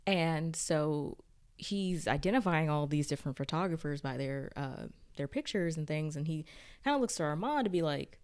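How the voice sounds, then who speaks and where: A woman with a notably low voice talks through a TV episode in a loose, rambling recap. She fills her sentences with "like" and "you know" as she goes. The tone stays casual and conversational. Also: animated, moderate pace, a little mellow, clean tone. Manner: chatty, rambling, full of "like" fillers. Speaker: TV recap reviewer.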